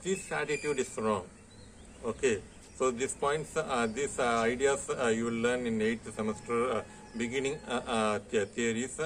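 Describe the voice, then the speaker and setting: A man's voice: mid-range voice, steady tone, moderate pace, fairly bright tone, slight background noise. A man with an Indian English accent giving a college lecture, hesitant and full of "uh" fillers and repeated "okay". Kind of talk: classroom lecture.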